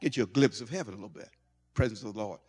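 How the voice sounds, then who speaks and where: A male pastor preaching a sermon in an animated way, stumbling over and repeating words as he goes. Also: on the low side, racing, husky. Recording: long hall reverb.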